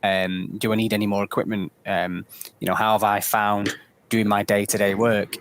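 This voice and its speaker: A man, a podcast guest, telling stories in a casual chat, often pausing with ums. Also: lowish voice, little pitch movement, a little hiss or hum. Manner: hesitant, with frequent ums.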